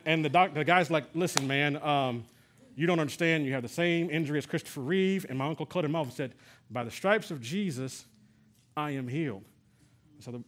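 A man's voice: a little high, fairly bright tone. A middle-aged man from Texas preaching a sermon, telling a personal story in a conversational way with many fillers and restarts. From San Antonio, Texas. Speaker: pastor.

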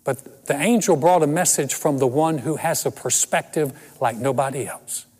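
A man's voice: a little high, normal speed, a little mellow, breathy edge, long reverb tail. A man in his sixties preaching a sermon and telling personal stories with self-deprecating humor. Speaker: pastor.

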